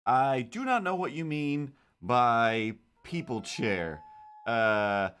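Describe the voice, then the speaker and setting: A man's voice: medium pitch, animated, slow pace, a bit bright, a little hiss or hum. A man chatting casually on a live stream while drawing comics, rambling and joking and tripping over his own words, into a desk microphone. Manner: rambling, self-interrupting, jokey.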